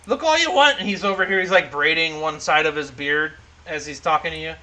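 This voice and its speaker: A man's voice: a little high, level tone, brisk, sharp tone, poor audio. A man running a tabletop game as game master, narrating loosely with lots of fillers and restarts. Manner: rambling, filler-heavy narration.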